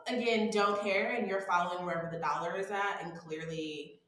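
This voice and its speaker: An American woman chatting casually as a podcast co-host, animated and emphatic, often slipping into quoted voices. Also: fairly low pitch, a little fast, heavy reverb. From United States. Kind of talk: casual chat.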